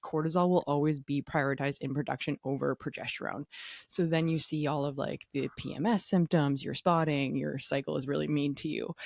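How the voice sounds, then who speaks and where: A woman's voice: sits low, no echo. Chatty woman co-host, dry sound. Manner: chatty, playful, heavy "like" fillers. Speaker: podcast co-host. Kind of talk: casual podcast chat.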